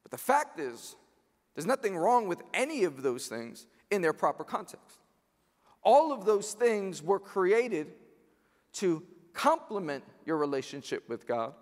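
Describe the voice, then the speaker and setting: High-voiced man preaching in a reverberant chapel. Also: sing-song, a little slow. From New York. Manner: emphatic preaching with repeated phrases and rising fervor. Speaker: pastor. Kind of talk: sermon. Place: university chapel.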